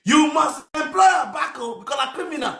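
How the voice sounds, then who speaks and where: A man with a Nigerian Pidgin accent voicing a wailing, mock-crying man begging the governor with theatrical sobs and shouts. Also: animated, fairly quick, creaky, full character voice. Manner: shrill, theatrical sobbing and shouting. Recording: echoey room.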